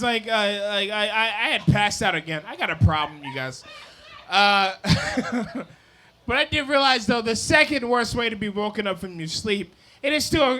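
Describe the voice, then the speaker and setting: A drunk young man doing a rambling, apologetic stand-up set on a comedy club stage. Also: extremely high pitch. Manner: rambling, apologetic, loose and loud.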